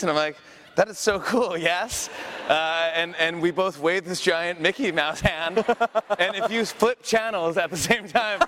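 A man hosting a live audience Q&A, chatty and quick to laugh, often restarting his sentences. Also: high-pitched, bright, forceful tone, slight background noise. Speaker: late-night talk show host answering audience questions. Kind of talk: casual live Q&A on stage.

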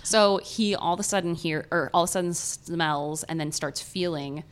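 A woman with an Ohio American accent, retelling a story in casual, animated podcast chat with many filler words. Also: fairly low pitch, normal speed, smooth. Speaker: podcast co-host.

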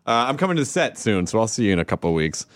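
A man's voice: fairly low pitch, very animated, racing. A man from Tennessee hosting a podcast in casual chat, joking and laughing often. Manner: jokey, laughing, slips into silly voices. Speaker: podcast host.

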